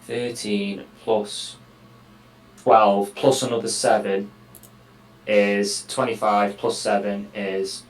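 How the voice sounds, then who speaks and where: A man playing a tabletop game, counting out dice rolls slowly and deliberately, swearing now and then. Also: fairly low pitch, little pitch movement, roomy sound, low-quality recording. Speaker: player.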